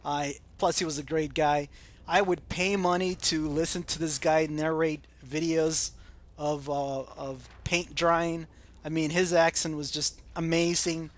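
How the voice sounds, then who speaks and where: An American man hosting a gaming channel, chatting casually through viewer comments and pausing often with ums and uhs. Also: a little high. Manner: hesitant, many ums and uhs.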